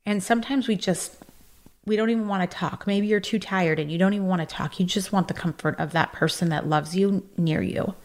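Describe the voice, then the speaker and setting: A woman's voice: lowish voice, fairly quick. Earnest woman giving self-help advice. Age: adult, married. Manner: earnest, encouraging, addresses the listener directly. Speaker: podcast host. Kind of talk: motivational self-help talk.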